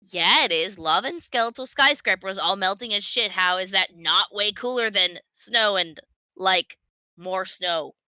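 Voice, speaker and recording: Woman reading as deadpan too-cool teen boy. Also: medium pitch, measured pace, smooth, no echo, low-quality recording. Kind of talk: reading a comic aloud with friends.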